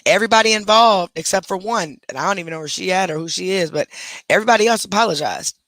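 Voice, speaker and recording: A woman's voice: fairly low pitch, quick pace, fairly bright tone, dry recording. A woman hosting a livestream, reacting defensively and with sass to a critic. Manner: defensive, sassy, chatty. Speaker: livestream host.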